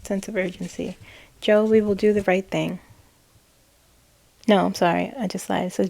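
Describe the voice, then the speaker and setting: A woman tarot reader relaying channeled messages, slow and hesitant, with frequent ums and self-corrections. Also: mid-range voice, fairly even intonation, vocal fry, mellow.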